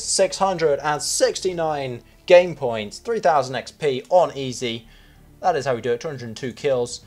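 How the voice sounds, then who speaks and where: A young man giving live gameplay commentary as a gaming YouTuber, excitable, yelping and shouting at the game. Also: mid-range voice.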